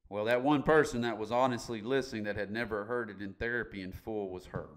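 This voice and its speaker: A man's voice: on the low side, fairly even intonation, fast, hardly any pauses. A middle-aged man as a podcast guest, candidly telling his story in a blunt, emphatic way and swearing casually.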